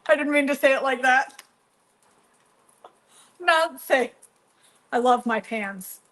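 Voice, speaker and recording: Chatty middle-aged woman, home cooking vlogger, teasing and fairly high-pitched. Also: normal speed, a bit bright, rough recording. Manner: chatty, teasing, talks to viewers by name. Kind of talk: casual chat while cooking. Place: home kitchen.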